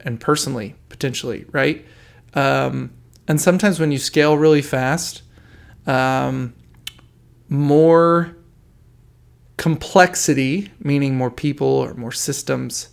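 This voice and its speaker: A man's voice: medium pitch, vocal fry. A middle-aged man hosting a solo podcast, talking casually and rambling with many fillers and restarts. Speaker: podcast host, real estate broker owner.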